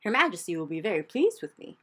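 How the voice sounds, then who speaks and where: A woman's voice: fairly low pitch, very animated, quick pace, husky. A woman voicing a pompous, self-important male army chief in a storybook reading, who blusters and orders people about. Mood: smug. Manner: blustering, bossy.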